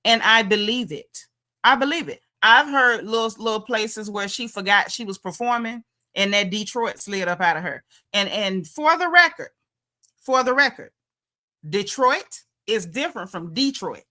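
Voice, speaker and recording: A Southern American woman hosts a loose livestream recap of a show, her medium-pitched voice bright, punchy and expressive at a moderate pace. Sassy and down-home, she leans hard into her points and repeats them for emphasis in casual commentary.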